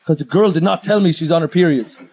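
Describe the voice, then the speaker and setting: A young man doing crude stand-up on stage, laughing as he swings between high yelps and low mutters. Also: fast talker, background noise. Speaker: stand-up comedian. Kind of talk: live stand-up set. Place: comedy club stage. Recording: live club with loud crowd laughter.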